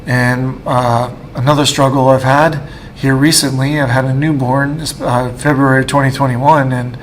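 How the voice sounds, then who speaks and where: A man in his thirties shares a personal faith testimony in a medium-pitched voice. He speaks haltingly and with emotion, often restarting his sentences. Faint noise sits underneath. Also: level tone. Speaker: guest speaker.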